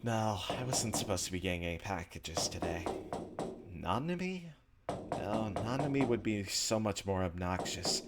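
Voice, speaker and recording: A man's voice: fairly low pitch, lively intonation, unhurried, very noisy. A man hosting a let's play, reading visual novel text aloud with casual, offhand asides. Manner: casual, offhand asides between read lines.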